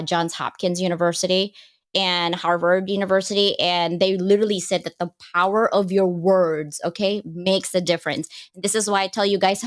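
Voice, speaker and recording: A woman talking as a guest on a live panel chat, animated and emphatic, a little self-deprecating. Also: fairly low pitch.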